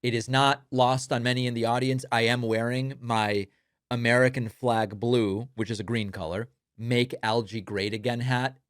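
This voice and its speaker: A man's voice: medium pitch, steady tone, normal speed, fairly bright tone, clean tone, dry recording, clean studio sound. A man hosting political commentary, talking sardonically over speech clips and mocking the quotes.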